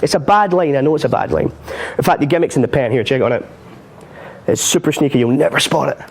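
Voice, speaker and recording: A man's voice: medium pitch, fast, gravelly, darkish tone, husky. A man teaching card and coin magic on a live stream, chatty and self-mocking, laughing often. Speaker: magic instructor.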